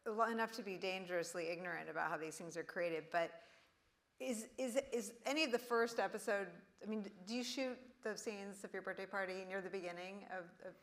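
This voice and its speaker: A woman interviewing a guest on stage, eager, with quick asides and frequent laughter. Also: mid-range voice, a bit bright.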